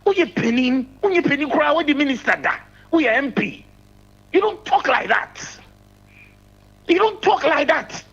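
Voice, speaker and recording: A man's voice: extremely high pitch, expressive, moderate pace, a bit bright, lo-fi sound. A man calling in to a radio show, talking politics emphatically and repeating his points. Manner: emphatic, repeats key phrases. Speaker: caller. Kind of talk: political call-in commentary.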